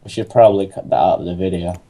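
Cheeky deep-voiced gamer guy. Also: quick pace, mellow. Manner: teasing, cheeky and sarcastic. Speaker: co-host gamer. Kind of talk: casual gaming chat.

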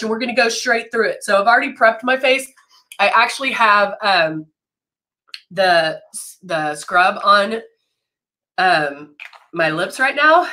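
Woman, head cold, nose stuffed up; clear bright tone, chatty live-stream makeup host. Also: medium pitch. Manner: chatty, greets viewers by name, laughs often. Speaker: brand educator hosting a live makeup demo.

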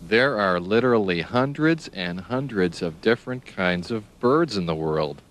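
A man's voice: on the low side, expressive, a little slow, fairly bright tone. A man teaching young children animal names, spelling words out letter by letter and asking the listener questions.

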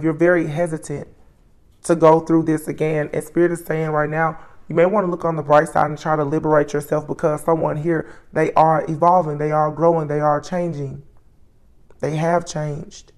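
A woman giving a solo tarot reading, musing aloud as she names each card, with soft exclamations along the way. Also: deep voice, level tone, fairly quick. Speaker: tarot reader.

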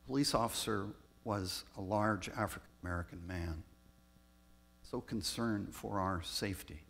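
A man, a pastor raised in Southern California, telling personal stories in a reflective sermon with pauses. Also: lowish voice, gravelly, a bit bright. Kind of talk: storytelling sermon.

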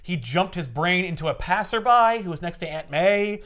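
Guy with a fairly high voice, rambly casual podcast chat, lots of likes. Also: expressive, moderate pace, a bit bright. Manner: rambling retelling, heavy on filler "like", swearing. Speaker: podcast host.

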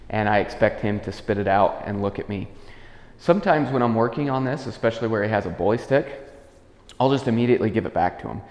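A man working as a dog trainer, calmly explaining a demonstration and giving soft commands to a dog indoors in a house. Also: on the low side. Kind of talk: instructional demonstration. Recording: echoey room with long reverb, dull lo-fi sound.

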